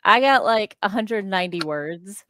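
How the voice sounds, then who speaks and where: A woman's voice: medium pitch, animated, bright, forceful tone, no room sound. Upbeat woman hosting a chat stream. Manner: upbeat, quick to laugh. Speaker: stream host. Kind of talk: casual chat.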